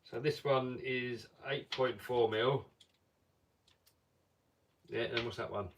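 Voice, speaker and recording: A man's voice: medium pitch, steady tone, slow, distant mic, a little hiss or hum. A man hosting a casual live stream, chatting and reading viewer comments aloud.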